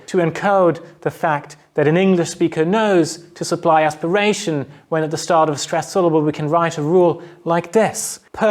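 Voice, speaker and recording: Guy lecturing, slightly high voice, calm and explanatory, says words out to demo them. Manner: measured, explanatory, demonstrates sounds aloud. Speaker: university lecturer. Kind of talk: recorded lecture narration.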